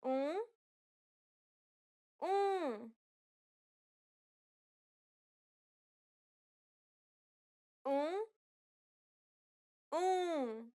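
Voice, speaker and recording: A woman modeling pronunciation, saying single words carefully and deliberately. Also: high-pitched, animated, warm tone. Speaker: native-speaker pronunciation model. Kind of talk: slow word-by-word pronunciation demonstration.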